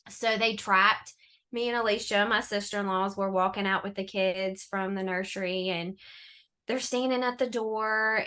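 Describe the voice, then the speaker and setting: A woman, a podcast guest telling a story in an animated, sarcastic way and laughing often. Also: medium pitch. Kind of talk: casual storytelling chat.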